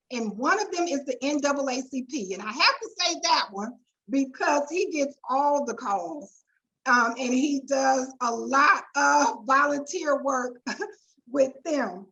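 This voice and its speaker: A woman's voice: high voice, low-quality recording. A woman hosting a webinar, chatty and colloquial. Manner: chatty, warm asides and colloquial "y'all". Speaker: webinar host and attorney. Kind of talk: lively webinar introduction.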